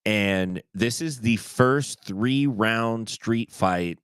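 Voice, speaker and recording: A man with a very low voice co-hosting a podcast. He talks in a laid-back way and chuckles now and then. The recording is dry, with no room sound. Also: drawn-out words, a bit bright, clean tone, dry recording. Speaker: podcast co-host. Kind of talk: casual chat.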